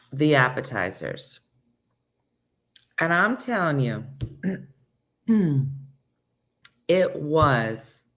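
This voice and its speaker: Her voice sits low and sounds pushed and bright as she hosts a casual live morning show. She reads comments, greets viewers by name, and tells chatty stories full of acted-out quotes and frequent laughter.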